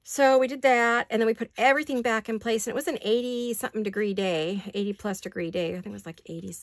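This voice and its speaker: A woman's voice: a little high, fairly even intonation, fast talker, no echo. An older woman chatting casually while doing paper crafts at her desk, rambling with apologetic asides. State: hiccups.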